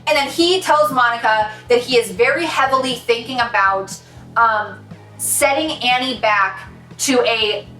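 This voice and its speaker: Exasperated young woman ranting, high voice. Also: fairly bright tone. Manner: exasperated, sarcastic, swearing, with mocking quoted voices. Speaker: book reviewer. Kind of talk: ranting book review. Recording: echoey, distant mic, faint music behind.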